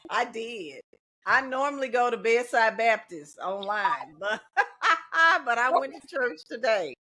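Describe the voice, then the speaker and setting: A slightly high, animated, sharp-toned voice belongs to a middle-aged teacher and union organizer who speaks slowly as a podcast guest. She's casual and resolute, talks in slogans, and laughs without much prompting.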